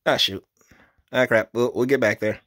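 A man rambles through a casual reaction commentary, stammering and restarting his phrases. His voice sits mid-range, jumping up high when he gets worked up. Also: moderate pace, very noisy. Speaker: YouTube commentator.

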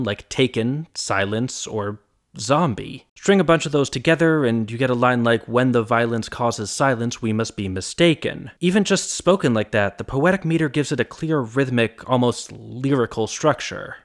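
A man hosting a music analysis video, giving scripted narration and walking through musical examples step by step. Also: medium pitch.

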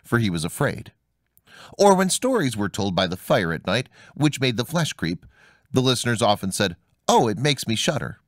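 A man reading a fairy tale aloud in a measured, expressive way as storyteller. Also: on the low side, no room sound, studio quality. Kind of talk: scripted fairy-tale narration.

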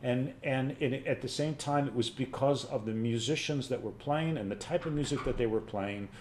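A man on a video call, a music professor and panelist in a casual webinar discussion, telling animated stories and lecturing. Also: medium pitch, moderate pace, slight background noise.

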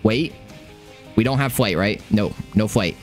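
A young man streaming a video game, swearing, repeating himself and swinging from high yelps to low mutters. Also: unhurried. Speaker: gaming streamer. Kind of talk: live gameplay commentary. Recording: game music behind.

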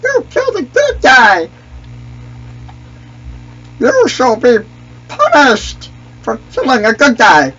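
A man's voice: wildly swooping pitch, takes it slowly, pauses often, sharp tone, full character voice. Squawky cracked goofy alien guy, a dude putting it on, trash talks, swoops all over, lo-fi mic. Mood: gloating. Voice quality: high squawky cracked voice, broken grammar. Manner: taunting, trash-talking. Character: goofy clumsy male alien sidekick, squawky broken speech.

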